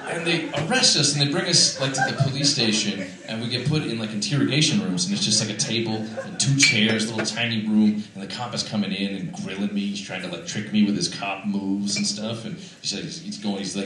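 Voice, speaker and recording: Self-mocking Canadian comic in an echoey club. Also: male voice, lowish voice, a little fast, few pauses, distant mic, crowd noise. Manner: rambling, self-mocking, many fillers. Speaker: stand-up comedian. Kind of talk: stand-up comedy set. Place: comedy club stage. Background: laughing audience.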